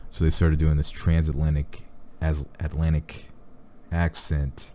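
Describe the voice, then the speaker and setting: A man's voice: a bass voice, level tone, a little slow, warm tone, slight background noise. A young man hosting a reaction video, talking in a rambling casual way with lots of fillers and restarts. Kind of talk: casual chat.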